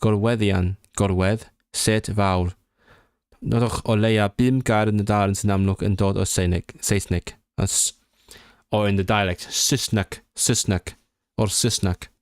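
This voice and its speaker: Low-voiced man studying aloud. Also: steady tone, a little mellow, smooth, no room sound, studio quality. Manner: halting and self-correcting, sounding out words, bursts of surprised laughter. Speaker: language learner streaming his study. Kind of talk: thinking aloud while studying, reading and answering exam questions.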